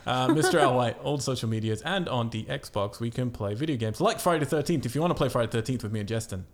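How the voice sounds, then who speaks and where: A male podcast host in casual chat who talks fast and jokes his way through a list. His voice has a gravelly edge. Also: medium pitch, expressive. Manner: quick, jokey, rattles off lists.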